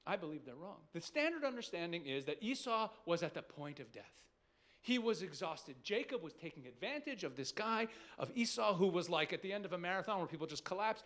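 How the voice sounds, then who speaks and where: Rabbi guy giving a chatty sermon, high voice, lots of rhetorical questions and restarts. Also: sing-song, a little fast, a bit bright. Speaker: rabbi preaching.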